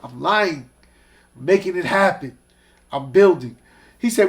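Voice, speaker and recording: A man with a gravelly, fry-laden voice sitting a bit high for a man. He tells stories in a loose, profane, animated way. He slips into other people's voices as he goes. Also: slow. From Hollis, Queens, New York. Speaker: guest, music executive. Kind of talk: casual storytelling.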